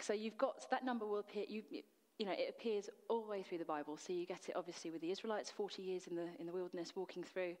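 A woman's voice: medium pitch, long reverb tail. A woman preacher delivering a sermon in an earnest, emphatic way, full of rhetorical questions. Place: church.

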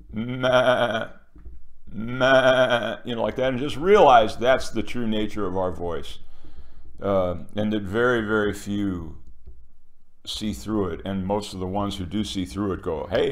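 An older man with a lowish voice talks alone in a loose, wandering monologue. He is sarcastic and theatrical, and he breaks into loud mock quotations before dropping back to a muttering aside. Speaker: commentator. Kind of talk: rambling monologue.

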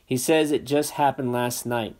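A man's voice: medium pitch, fairly even intonation, normal speed, a little mellow, lightly acted. A guarded teenage boy, voiced by a man reading aloud, keeping his tone carefully level over hidden nerves. It stays close to a plain reading voice, in a classroom storybook. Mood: tense. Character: nervous teenage boy hiding guilt.

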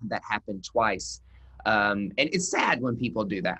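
A man's voice: fairly low pitch, unhurried, breathy edge. A man, a nurse injector, chatting casually as a webcast guest and telling stories with acted-out quotes. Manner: animated storyteller, acts out quotes.

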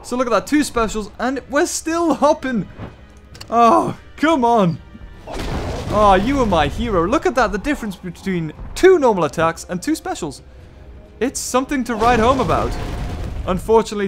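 A man giving excited play-by-play commentary on a mobile game battle. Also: extremely high pitch, normal speed, soft background music. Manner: enthusiastic, play-by-play like a sportscaster. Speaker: gaming YouTuber.

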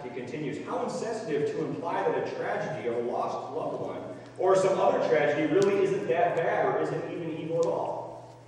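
Pastor preaching to his congregation, lively and questioning; higher male voice, heard far off in a reverberant sanctuary with faint ambience. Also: a little hiss or hum. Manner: animated, mimics dismissive comforters, asks the congregation questions. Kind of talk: sermon. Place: church sanctuary. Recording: echoey church hall from far off.

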